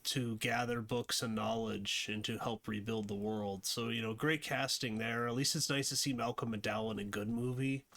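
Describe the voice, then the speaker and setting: Gravelly-voiced man rambling about films. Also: mid-range voice, fairly even intonation, normal speed, hardly any pauses, a bit bright. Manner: rambling, many fillers and restarts. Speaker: movie review host. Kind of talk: casual unscripted commentary.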